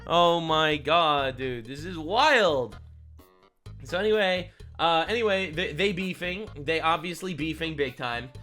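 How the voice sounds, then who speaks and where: A young man doing a reaction stream in a bright, forceful, slightly high voice. He is incredulous and excitable, swinging from loud disbelief to quick asides, with faint music playing behind him. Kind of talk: reaction commentary.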